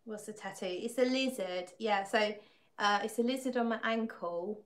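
A woman's voice: medium pitch, moderate pace. Woman, casual livestream chat, talkative, laughs often, reads comments aloud. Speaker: fragrance livestream host.

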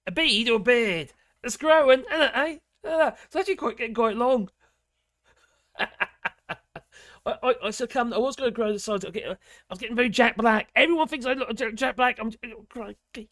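A man's voice: extremely high pitch, moderate pace, a bit bright, dry recording. Chatty man on a dry mic. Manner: chatty, giggly, self-mocking. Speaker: livestream host. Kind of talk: casual live-stream chat.

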